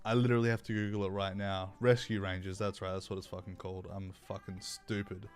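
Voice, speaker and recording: A man's voice: deep voice, little pitch movement, fast talker, clear, resonant tone, faint music behind. A young man hosting a livestream, ranting in a crude, sarcastic commentary style. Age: young adult. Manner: crude, sarcastic, mocking asides. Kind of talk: profane casual commentary rant.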